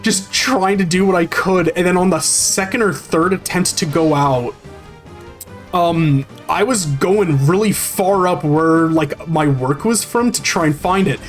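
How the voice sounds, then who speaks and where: A man's voice: sits high, a little slow, faint music behind. A man streaming a video game, telling a long story in a rambling, profane way with many restarts and fillers. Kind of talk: casual storytelling over gameplay.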